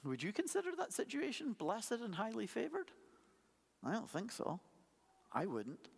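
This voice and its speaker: A pastor preaching a sermon, telling stories in a conversational way with playful asides. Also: male voice, sits high, huge pitch swings, normal speed, vocal fry, husky. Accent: non-local accent. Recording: long hall reverb.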